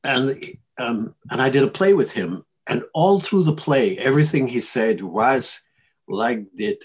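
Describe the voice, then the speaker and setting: A male actor telling stories in a casual interview, animated and chuckling, often restarting his sentences. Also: mid-range voice, a little slow, slightly rough. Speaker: actor guest.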